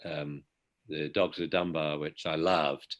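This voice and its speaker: A man with a British accent, a dog behaviour expert giving an outspoken, lively interview. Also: rumbling low, takes it slowly. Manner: outspoken, animated storyteller. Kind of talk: conversational interview.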